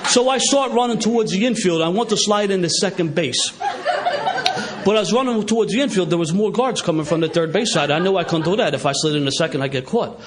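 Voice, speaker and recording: Philly-accented man at a podium, mid-pitched to high, animated storyteller with laughter in his voice. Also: fast, crowd noise. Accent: Philadelphia. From Philadelphia. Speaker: AA speaker. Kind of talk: recovery meeting talk. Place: meeting hall with a live audience.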